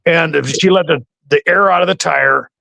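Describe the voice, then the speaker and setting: A male interview host tells a rambling story in a loose, conversational way, with a gravelly rasp in a fairly high voice. The sound is close and dry. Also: moderate pace, pushed and bright, dry recording. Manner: rambling storytelling with many restarts.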